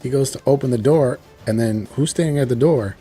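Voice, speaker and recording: Lively, rambling man recapping an episode. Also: medium pitch, fairly quick, faint music behind. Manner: animated, rambling with many fillers and exclamations. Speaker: show reviewer.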